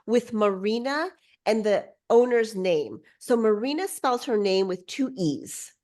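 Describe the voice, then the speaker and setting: A woman guest on a podcast, telling a story in a bubbly, excitable way, full of quick restarts. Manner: lively swings in pitch. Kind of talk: casual storytelling.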